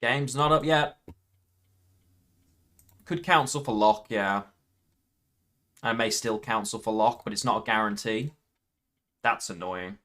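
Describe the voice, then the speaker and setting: A man's voice: fairly low pitch, measured pace, pauses often, bright, forceful tone. A man commentating his own card game play, thinking aloud and counting points under his breath. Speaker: gaming YouTuber.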